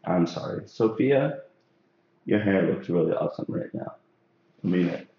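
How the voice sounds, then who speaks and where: A hairstylist hosts a live haircutting stream in a salon classroom, joking and chatting with lots of fillers while he works. His low voice is creaky and expressive, at a moderate pace. The recording is dull and very echoey, with a little background noise.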